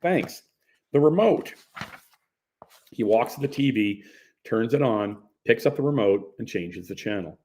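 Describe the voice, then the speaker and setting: A man reading a first-person story aloud in a relaxed storytelling way. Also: lowish voice, normal speed. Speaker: narrator. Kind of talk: first-person audiobook narration.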